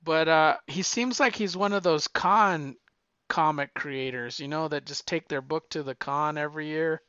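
A man chats about what he has been reading, rambling and halting, with many restarts and fillers. His voice sits a little high and sounds bright and crisp. The recording is dry but slightly dull and lo-fi. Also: no echo. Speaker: podcast co-host reviewing comics. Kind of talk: casual chat.

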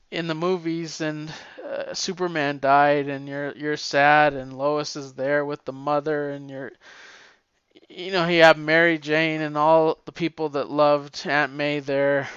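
Excitable swearing man recapping comics. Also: a little high, clean tone, no echo, dull audio. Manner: excitable, heavy swearing, emotional. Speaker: comic book reviewer. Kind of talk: casual retelling of a comic book plot.

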